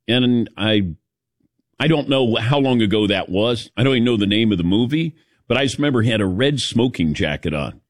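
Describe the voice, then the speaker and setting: A man's voice: mid-range voice, a little fast, dry recording, clean studio sound. A middle-aged man hosting a morning sports radio show, chatting casually and jokingly calling on his crew by name. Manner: lively, jokey, calls on crew by name. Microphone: studio microphone.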